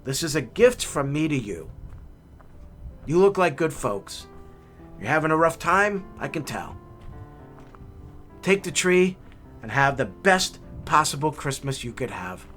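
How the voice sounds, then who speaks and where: A man's voice: on the high side, sing-song, measured pace, pauses often, fairly bright tone, soft background music. A man voicing a generous tree lot attendant who talks in an easygoing, folksy way. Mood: kind.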